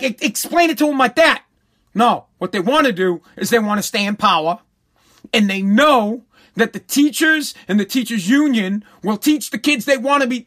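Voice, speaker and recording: A man's voice: very high voice, a bit bright. A middle-aged man ranting bluntly and profanely, hammering each point with short repeated phrases as a talk host. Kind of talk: profane political rant.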